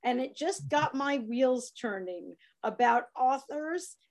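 A woman's voice: sits high, lively intonation, slow pace. A woman with a New York accent hosting an interview, chatty and encouraging with her guest. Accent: American. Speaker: interview host. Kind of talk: casual interview chat.

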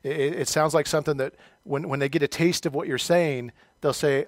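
A man's voice: fairly high pitch, fairly even intonation, brisk, dry recording, studio quality. A middle-aged male pastor preaching a sermon, telling a personal story with self-deprecating humor.

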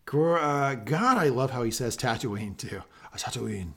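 A man hosting a casual podcast recap, talking in an excitable, animated and profane way. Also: medium pitch, fairly quick, few pauses. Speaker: podcast host. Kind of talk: casual chat, show recap.

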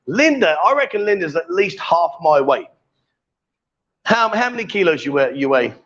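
Jokey livestream host man, high voice. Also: big pitch swings, moderate pace, fairly bright tone, dull audio. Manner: jokey, teasing, coaxing. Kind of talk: casual live chat reading comments.

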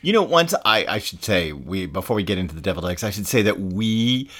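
A man's voice: low voice, very animated, fairly quick, a bit bright. A man from the American South co-hosting a cooking demonstration, rambling through jokey asides and correcting himself as he goes. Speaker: cookbook co-author and co-host. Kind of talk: joking cooking demonstration chat.

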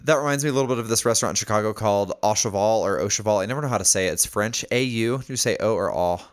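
A man with a fairly low voice co-hosts a podcast in loose, casual chat. He tells stories with animated energy and breaks into excited exclamations. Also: very fast, clean tone. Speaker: podcast co-host.

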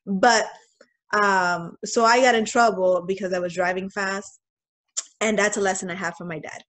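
Casual, animated storytelling from a young woman co-hosting a podcast. She talks in a relaxed conversational way, looping back with little fillers as she goes. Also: mid-range voice, moderate pace. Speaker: podcast co-host. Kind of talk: casual chat.

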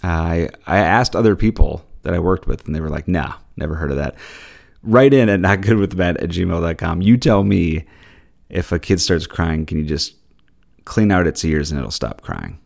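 A man hosting a podcast, chatting casually and telling rambling stories with animated quoted voices. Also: low voice, moderate pace, creaky. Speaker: podcast host. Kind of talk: casual solo podcast chat.

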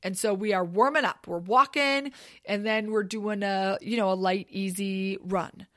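A woman telling a funny personal story in a casual monologue, swearing freely and acting out the things people yelled. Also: mid-range voice, a little slow, no echo, clean studio sound. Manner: animated, swears freely, acts out yelled quotes. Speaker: storyteller host.

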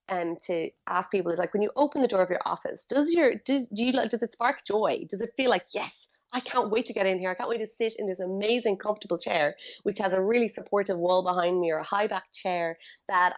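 A woman guest on a podcast interview, explaining feng shui in a chatty, animated storytelling way with many fillers. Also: on the low side, highs cut off.

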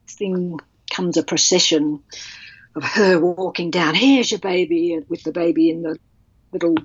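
A woman author telling a personal story in an interview, halting and emotional with many restarts. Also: on the low side, flat delivery, husky, no echo. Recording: dull, dry sound.

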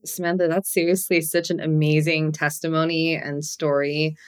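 A woman's voice: deep voice, little pitch movement, moderate pace, smooth. A woman voice coach and podcast guest who speaks in an affirming, thoughtful coaching tone. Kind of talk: casual podcast conversation.

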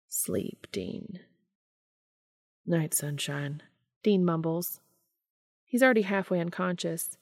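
A woman reads a romantic story aloud, her voice low and gravelly. She keeps the delivery soft and intimate, slipping into a hush for the dialogue. The recording is dry and close, with no room sound. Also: no room sound. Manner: soft, intimate reading with hushed, unvoiced dialogue. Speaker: fanfiction podcast reader. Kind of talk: narrated reading of fan fiction.

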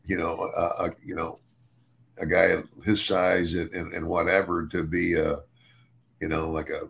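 Older man with a low, gravelly voice. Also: little pitch movement, fairly bright tone. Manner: halting, many restarts and repeated words. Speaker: podcast co-host and former wrestler. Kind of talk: casual podcast chat.

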